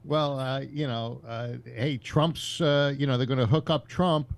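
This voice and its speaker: A man in casual political chat on a video call, halting and full of fillers, defending his view. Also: medium pitch, fairly even intonation, creaky. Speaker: call-in show panelist.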